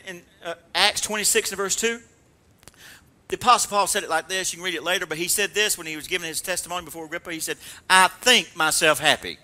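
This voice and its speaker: A man preaching a sermon, animated, acting out mocking dialogue and calling for amens. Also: sits high. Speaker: pastor.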